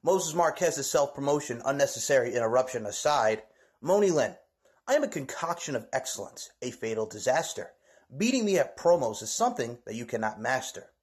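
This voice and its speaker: A man cutting a theatrical wrestling promo, boastful and rhyming, swinging between loud hype and low growls. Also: big pitch swings, fairly quick. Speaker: amateur wrestling promo performer.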